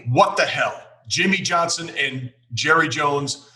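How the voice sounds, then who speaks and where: A man's voice: on the high side, takes it slowly, bright, forceful tone, rough recording. A man hosting a podcast interview, upbeat and setting up questions for his guest. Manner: upbeat, scripted toasting intro. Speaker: podcast host.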